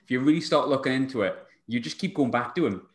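A man's voice: medium pitch, lively intonation, fast talker. A man hosting a casual podcast, rambling in a chatty way with laughing asides. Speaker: podcast host. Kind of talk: casual chat.

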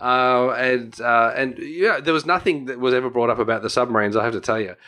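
A man's voice: medium pitch, fairly quick, pushed and bright. Rambling Australian man telling stories. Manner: rambling storyteller, many restarts, laughs often. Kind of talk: casual chat.

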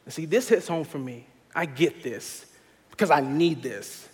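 A young man preaching an earnest sermon to his church, moving from quiet urging to loud, laughing stories about family life. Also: a little high, animated, measured pace, long reverb tail. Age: young adult. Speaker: pastor.

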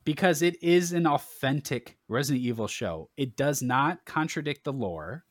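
A man's voice: mid-range voice, expressive, moderate pace, dry recording, studio quality. A man co-hosting a casual podcast chat, opinionated and blunt, swearing now and then as he makes his case. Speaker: podcast co-host.

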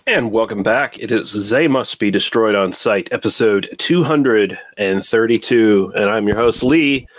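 A man hosting a casual film podcast, talking in a relaxed, rambling way with fillers and quick asides. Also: lowish voice. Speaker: podcast host.

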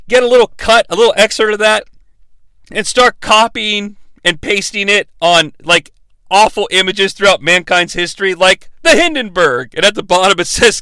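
A man's voice: sits high, moderate pace, sharp tone, clean tone, no echo. A young adult man hosting a sarcastic, profane comedic movie recap. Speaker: movie reviewer, host.

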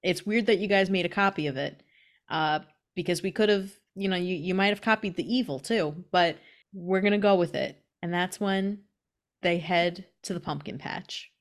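A woman's voice: on the low side, moderate pace. A woman co-hosting a podcast, casually improvising a silly spooky story with playful laughs. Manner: playful, laughs often, acts out characters in bits. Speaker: podcast co-host.

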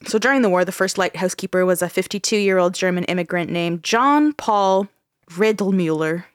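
A woman's voice: lowish voice, normal speed, clean tone, dry recording, studio quality. A woman from Ontario hosting a casual podcast, telling a ghost story with frequent laughs and swearing. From Ontario, Canada. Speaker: podcast host.

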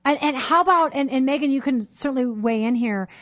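A woman's voice: sits high, fairly quick, fairly bright tone, no echo, muffled recording. Chatty middle-aged woman hosting. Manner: chatty, stumbles over repeated words. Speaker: host. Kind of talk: casual interview talk.

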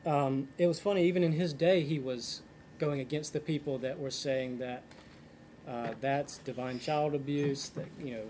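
An earnest man leading a relaxed Bible study, thinking aloud and pausing on ums as he works through a passage. His voice is mellow and warm. A faint hiss sits underneath it. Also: medium pitch. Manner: reads scripture passages aloud. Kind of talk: casual Bible study discussion.

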